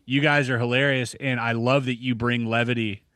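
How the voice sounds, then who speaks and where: A man in his thirties talks as a podcast guest, keeping his voice at a middling pitch. He tells a story in a casual, animated way, stumbling over restarts and acting out his own reactions. The sound is dry and close to the mic. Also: fairly quick, no echo.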